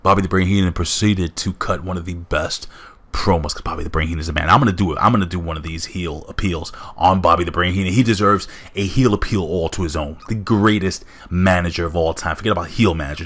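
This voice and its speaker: Lower-voiced man hosting a countdown. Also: quick pace, fairly bright tone, breathy edge. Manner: enthusiastic, addresses viewers directly. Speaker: host. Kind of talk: casual countdown commentary.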